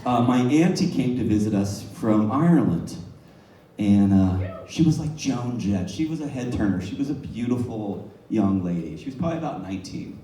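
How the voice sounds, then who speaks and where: A man's voice: medium pitch, animated, moderate pace, warm tone, a little hiss or hum. A man telling a comic story on stage, laughing through his own punchlines. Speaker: stand-up comedian. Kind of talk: stand-up comedy storytelling. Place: live comedy venue. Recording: echoey room, heard from a distance.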